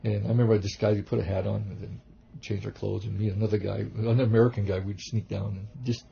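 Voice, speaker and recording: Low gravelly guy rambling through old stories real quick, muffled lo-fi sound. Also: a little hiss or hum. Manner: rambling, animated anecdotes with many restarts. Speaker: kung fu teacher and reverend. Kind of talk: casual interview storytelling. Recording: dull lo-fi recording.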